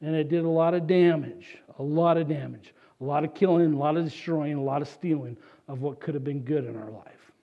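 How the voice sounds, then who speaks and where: Animated preaching man, dull lo-fi sound. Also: fairly high pitch, a little fast, hardly any pauses. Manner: animated, conversational preaching with asides. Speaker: pastor. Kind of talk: sermon. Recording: dull lo-fi recording.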